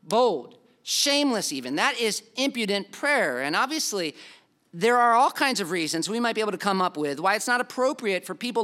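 A man's voice: high voice, sharp tone, smooth. A man preaching a sermon as pastor, earnest and emphatic, acting out the people in the story.

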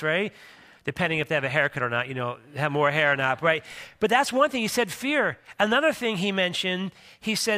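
A man's voice: fairly high pitch, bright, forceful tone. A middle-aged man preaching a sermon as pastor, in a conversational way with joking asides and frequent restarts.

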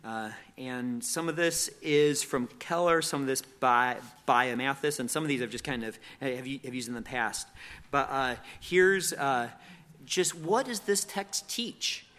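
A man's voice: mid-range voice, unhurried, a bit bright. A man giving a conversational teaching on Bible meditation, often repeating words and restarting phrases.

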